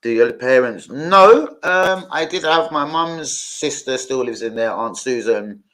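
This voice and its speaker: A man's voice: medium pitch, unhurried, a bit bright. A man hosting a live football watch-along, chatting casually, rambling off-topic and swearing freely while talking to his viewers. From London.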